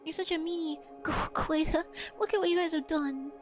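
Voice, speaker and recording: A woman streamer in casual livestream chat, playful and chatty as she answers her chat, often dropping to a soft, quiet voice. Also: extremely high pitch, fairly even intonation, a little fast, dull audio, soft background music.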